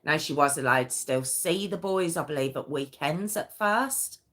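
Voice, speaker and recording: A woman's voice: low-pitched, animated, normal speed, a bit bright. A woman hosting a live true crime stream, telling the story conversationally with many fillers and restarts.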